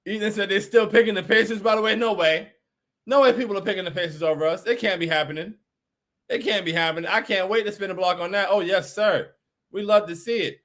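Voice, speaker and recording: A man's voice: high-pitched, fast talker, a bit bright. A man hosting a postgame fan stream, reading chat messages aloud and reacting in a hyped, emphatic voice that repeats lines for effect.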